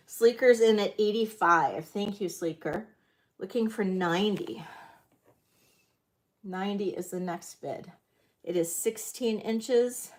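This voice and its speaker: Slow, chatty woman hosting a jewelry sale. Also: mid-range voice. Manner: chatty, self-deprecating, scattered. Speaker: live jewelry auction host. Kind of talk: casual live-stream selling chat.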